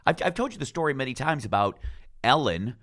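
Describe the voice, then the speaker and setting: A man's voice: medium pitch, big pitch swings, a little fast, a bit bright. A man co-hosting a podcast who shares gossip in long, casual asides and acts out quotes. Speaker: podcast co-host. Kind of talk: casual chat.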